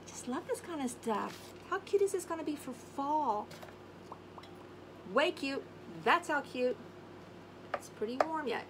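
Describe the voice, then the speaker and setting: Woman, craft vlog host, fairly high voice, chatty, scat-humming, background noise. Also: expressive, measured pace, pauses often, low-quality recording. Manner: chatty, sings little scat tunes while working. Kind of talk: casual crafting tutorial. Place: home craft space on an acreage.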